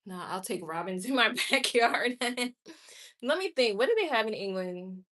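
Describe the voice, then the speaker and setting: A woman's voice: on the high side, animated, fairly bright tone. A woman chatting casually on a live stream and reacting candidly to viewer comments. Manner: chatty and candid, with quick laughs and exclamations. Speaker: livestreamer.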